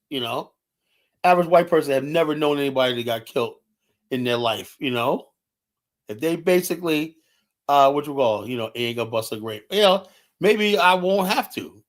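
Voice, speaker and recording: A man's voice: mid-range voice, fairly bright tone. A man streaming a heated, casual rant, blunt and profane, with constant "you know" fillers. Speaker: live streamer.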